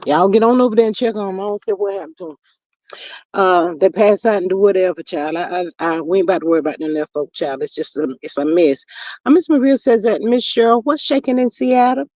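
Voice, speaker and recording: A woman's voice: medium pitch, fast talker, a little mellow, no echo. A woman hosting a livestream in casual chat, reading out viewers' comments in a folksy drawl full of slang. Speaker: livestream host.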